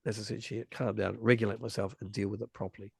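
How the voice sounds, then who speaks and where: A man's voice: lowish voice, level tone, very fast, creaky, breathy edge, dry recording. A man in his forties telling a story in casual conversation, rambling with many restarts and vivid retelling. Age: 40s.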